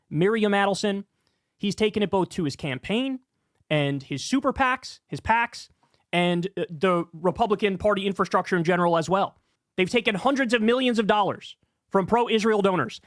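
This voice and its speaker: A man's voice: high-pitched, fairly bright tone, no echo, clean studio sound. A man giving heated, sarcastic political commentary as a streamer. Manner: angry, sarcastic, rapid ranting.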